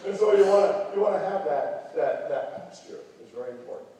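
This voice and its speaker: A man's voice: high-pitched, animated, brisk, background noise. An older American man giving a workshop lesson with a volunteer, coaching the group in a folksy, joking way. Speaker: band clinician. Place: large hall. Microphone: camera far from the speaker. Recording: echoey hall recorded from far off.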